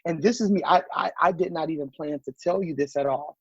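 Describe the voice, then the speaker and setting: Southern man, husky and animated. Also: fairly high pitch, fairly quick, dry recording. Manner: animated storyteller acting out quoted voices. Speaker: podcast guest, business owner. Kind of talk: casual interview chat. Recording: dull, slightly muffled podcast audio.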